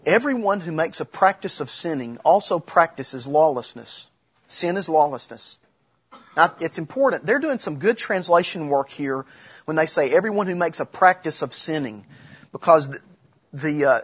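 Middle-aged male preacher, husky and slightly high, chatty sermon delivery with rhetorical questions. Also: animated, normal speed, fairly bright tone, dull audio. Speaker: pastor.

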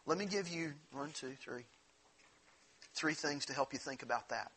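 A man delivering a sermon in an earnest, conversational manner, often circling back to restart a phrase. His voice sits a bit high, with a bright edge and a husky grain. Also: fairly quick. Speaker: pastor.

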